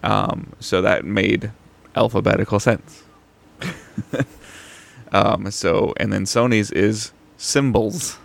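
A man co-hosting a gaming podcast in casual chat, halting along with many fillers and restarts. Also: on the low side, fairly even intonation, gravelly. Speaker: podcast co-host.

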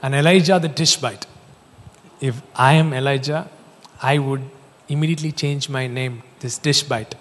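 A man preaching a sermon, telling stories in an animated, joking way. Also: medium pitch, moderate pace. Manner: animated storytelling, jokes and laughs. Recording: long hall reverb.

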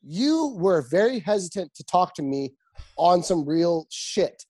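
A man in casual chat, telling animated stories with lots of swearing and acted-out quotes. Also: sits high, measured pace. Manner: animated storytelling, swears a lot, acts out quotes.

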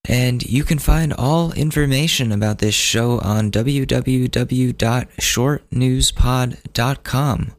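A young man hosting a solo podcast, tired and a bit hoarse, talking casually and circling back over his words. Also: mid-range voice, slow pace, hardly any pauses. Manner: rambling, self-interrupting, casual. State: losing his voice, fatigued. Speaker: podcast host.

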